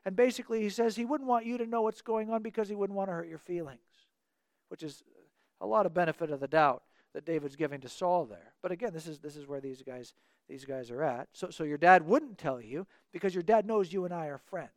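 High-voiced man teaching scripture. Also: fairly quick, no echo, studio quality. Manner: earnest, explanatory, acts out quoted dialogue. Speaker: Bible teacher. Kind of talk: verse-by-verse Bible teaching.

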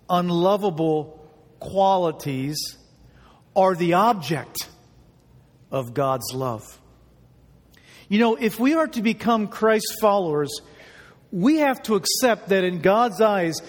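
A man preaching a sermon as pastor, earnest and emphatic, repeating key words for weight. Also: sits high. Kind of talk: sermon with prayer. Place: church hall. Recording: long hall reverb.

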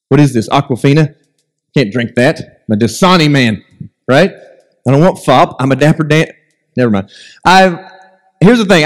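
A man delivers a sermon in a church with a long, ringing reverb around him. His voice sits a little high, and he keeps it animated with humorous asides and mocking impressions of complainers. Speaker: pastor.

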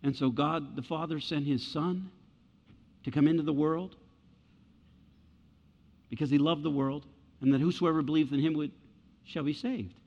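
A man's voice: a little high, moderate pace, long pauses, darkish tone. A male pastor preaching a conversational sermon, acting out the voices of doubters and of Jesus. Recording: muffled sound with long hall reverb.

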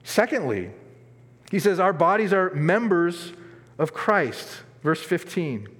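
A man preaching a sermon as pastor, earnest and emphatic, dropping from strong stress to quiet asides. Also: sits high, big pitch swings, slow pace. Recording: long reverb of a large hall.

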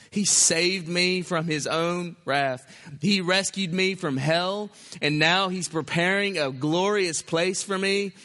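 A man preaching a sermon in short, emphatic phrases, at times dropping to a hushed voice. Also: high-pitched, slow pace. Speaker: pastor. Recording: long hall reverb.

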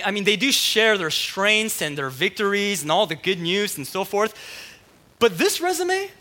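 High, bright-voiced preaching man. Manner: excited preaching with quick asides to the congregation; out of breath on stage. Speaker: pastor. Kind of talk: sermon. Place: church stage.

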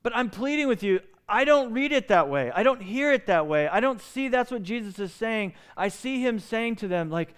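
A man's voice: high-pitched, lively intonation, moderate pace, few pauses, fairly bright tone, smooth. Impassioned man preaching a sermon. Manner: impassioned, pleading preaching with rhetorical questions. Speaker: pastor.

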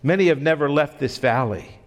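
A man's voice: on the high side, brisk, close to an everyday voice. A man voicing a monstrous winged male demon, mocking and gloating in a sermon story.

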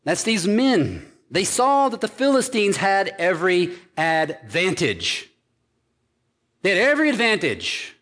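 In a church hall full of lingering echo, a male pastor preaches slowly and without hurry. His pitch sits on the high side for a man. He presses each point with forceful, repeated phrases, hammering the message in.

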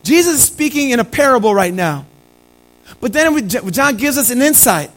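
High-voiced man preaching a sermon. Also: big pitch swings, normal speed, a bit bright, rough recording. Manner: earnest, repeats key phrases, calls listeners family. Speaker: pastor.

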